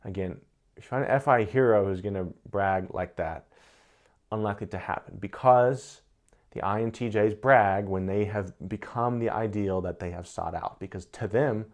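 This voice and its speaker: With a lowish, somewhat mellow voice, this man muses in a casual, thoughtful way about personality types. He tends to repeat words as he works out the right phrasing.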